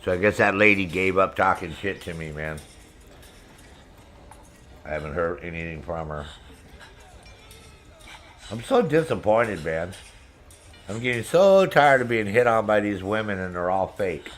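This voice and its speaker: A man's voice: deep voice, animated, unhurried, pauses often, a bit bright, soft background music. Middle-aged male game streamer, foul-mouthed and brash, laughs a lot while chatting with viewers. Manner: profane, brash, laughs often. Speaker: gaming streamer. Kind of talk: casual chat with stream viewers.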